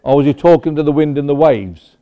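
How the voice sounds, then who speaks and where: A man's voice: fairly high pitch, fairly quick, clean tone. Guy preaching a sermon, chatty with personal asides, muffled lo-fi sound. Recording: dull lo-fi recording.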